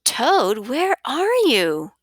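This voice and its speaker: A woman reading aloud as Frog, an excited, cheerful male frog from a storybook, calling out in a high voice. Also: very slow, no room sound, studio quality, heavily acted.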